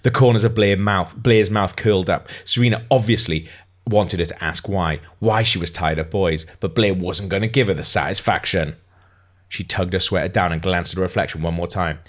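Guy reading a novel out loud, low voice, kinda amused, breaks off to comment. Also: normal speed. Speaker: reader. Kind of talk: reading a novel aloud with banter.

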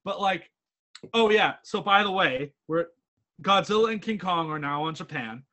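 A young man chatting casually as co-host while watching a movie, animated, swearing and laughing a lot. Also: high voice, normal speed. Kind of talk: casual movie commentary chat.

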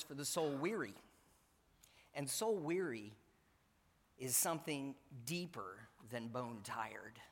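Male pastor, mid-pitched voice, emphatic sermon delivery, long church reverb. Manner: earnest, emphatic, repeats key phrases. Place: church sanctuary.

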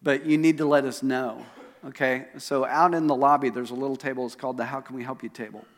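A fast-talking pastor with a medium-pitched, fairly even voice recounts a story in his sermon. He animatedly mimics the voices of the people he quotes, and the live recording carries the reverb of a church auditorium.

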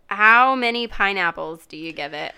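A woman's voice: mid-range voice, expressive, unhurried, sharp tone, clean tone. A woman co-hosting a podcast, chatting casually about a TV episode. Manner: chatty, quotes characters in put-on voices. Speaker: podcast co-host. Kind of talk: casual chat reviewing a TV episode.

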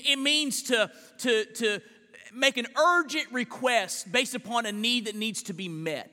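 A male pastor preaching a sermon, swinging between loud emphatic lines and hushed slow ones, often repeating words as he starts a phrase. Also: high-pitched, long reverb tail. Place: church sanctuary.

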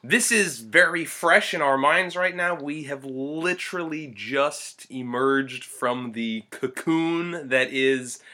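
A man's voice: a little high, takes it slowly, few pauses, sharp tone. A man co-hosting a casual movie podcast, chatty and rambling, laughing often. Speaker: podcast co-host. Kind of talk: casual movie review chat.

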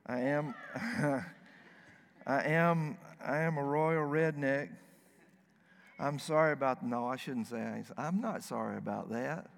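A man's voice: medium pitch, slow pace, vocal fry, in a large hall. A man from the States, preaching a sermon in a folksy, earnest storytelling way. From Southern United States. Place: church sanctuary.

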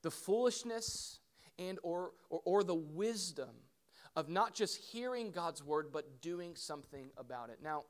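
A middle-aged man, a pastor, preaching a sermon in an animated way, with questions and asides to the congregation. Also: fairly high pitch, measured pace.

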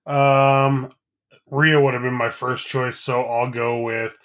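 A man's voice: medium pitch, level tone, slow pace, a bit bright. A man co-hosting a wrestling podcast, talking in a laid-back, joking way. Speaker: podcast co-host. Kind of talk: casual chat.

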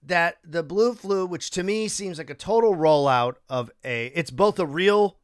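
A man co-hosting a casual political talk show, animated and emotional, digressing with many restarts. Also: sits high, a little slow, clear, resonant tone, no room sound, clean studio sound. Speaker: podcast co-host.

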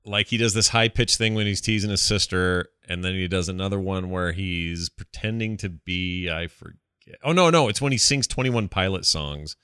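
A man's voice: low-pitched, moderate pace, pushed and bright, clean tone, no room sound, studio quality. A man hosting a podcast in casual, joking chat. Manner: laid-back, joking. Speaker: podcast host.

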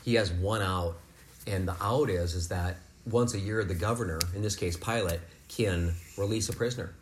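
A man leading a home Bible lesson for his kids, explaining scripture in a relaxed, conversational way. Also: sits low, moderate pace, a little hiss or hum. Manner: rises to loud, fervent preaching, then talks softly and warmly with kids. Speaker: father leading a family devotion. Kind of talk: preaching to children at home.

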